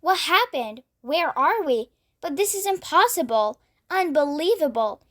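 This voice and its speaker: A woman's voice: high voice, expressive, unhurried, fairly bright tone, pitched above the performer's own voice. A woman voicing a timid, polite female ladybird in a storybook reading. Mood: anxious.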